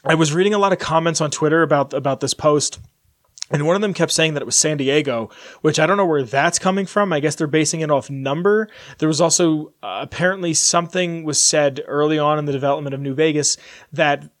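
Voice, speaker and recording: A man hosts a podcast in loose, casual chat. He wanders from story to story, swears easily and talks from a high voice for a man. The sound is dry and close, with no room around it. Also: brisk, no echo. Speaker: podcast host.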